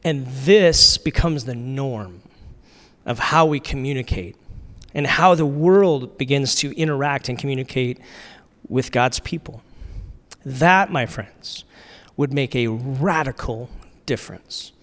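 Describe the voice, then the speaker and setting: Casual pastor preaching in a reverberant hall. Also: male voice, medium pitch, slow pace, a bit bright. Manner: casual, conversational, with many fillers and restarts. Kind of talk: sermon. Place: church sanctuary. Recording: long reverb of a large hall.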